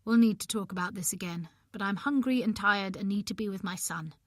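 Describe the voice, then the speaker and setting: A woman narrator voicing a weary young husband who speaks in a flat, cool, firm tone. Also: medium pitch, fairly quick, dry recording, clean studio sound, natural voice.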